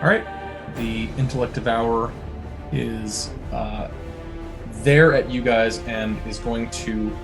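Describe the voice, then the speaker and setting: A man running a tabletop game as game master, narrating casually with lots of fillers. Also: mid-range voice. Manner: casual, descriptive, many fillers. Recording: music behind the voice.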